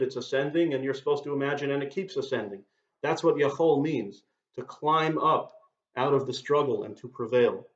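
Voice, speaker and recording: A man giving a sermon, explaining Hebrew words and verses in a measured, teaching manner. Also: medium pitch. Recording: dull, roomy recording.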